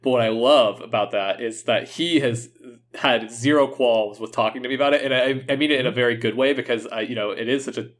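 A man's voice: mid-range voice, fairly quick. A man co-hosting a casual podcast, hedging his words and often joking. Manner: hesitant, hedging, playful. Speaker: podcast co-host.

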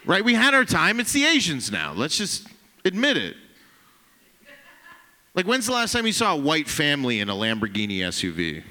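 A brash, profane man works a comedy club crowd in a bright, forceful voice. His pitch swings widely as he teases the audience. The long reverb of the room hangs behind him, with a faint hiss. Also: wildly swooping pitch, moderate pace, pauses often. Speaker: stand-up comedian. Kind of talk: stand-up set with crowd work.

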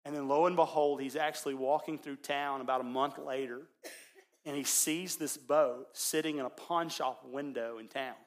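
A man preaching as a pastor, telling a story in his sermon and swinging between loud, excited passages and hushed ones. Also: mid-range voice, normal speed.

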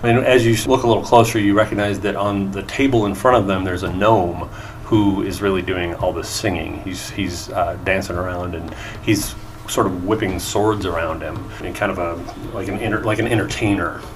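A man runs a tabletop game in a fairly low, laid-back voice, pausing and restarting as he works out each scene. Faint ambience sits under the recording. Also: background noise. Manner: relaxed, hesitant narration with restarts. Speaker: game master.

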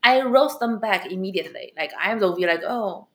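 A woman who is a stand-up comedian and club owner answers interview questions bluntly, telling stories with animation. She speaks briskly at a medium pitch with a non-native English accent.

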